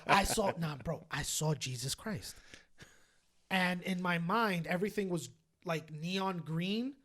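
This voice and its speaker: A man co-hosting a casual podcast, telling stories in a loose, profane way, laughing often and acting out other people's lines. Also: takes it slowly. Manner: animated, profane, laughs often, acts out quotes in high voices. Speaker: podcast co-host. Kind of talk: casual storytelling chat.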